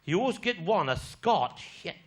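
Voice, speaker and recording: A man's voice: sits high, big pitch swings, normal speed. A man with a Cornish accent telling bawdy rural yarns on stage and putting down hecklers. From Cornwall, England. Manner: bawdy rural yarn-spinning with heckler put-downs. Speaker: stand-up comedian. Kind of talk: live stand-up storytelling. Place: theatre stage before a live audience. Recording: live show with loud audience laughter and noise.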